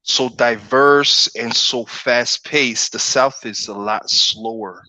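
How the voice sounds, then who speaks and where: A man's voice: mid-range voice, slow, pushed and bright, no echo, rough recording. A man talking as a guest in a casual livestream chat, laid-back and peppering his points with "you know what I'm saying". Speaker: podcast guest.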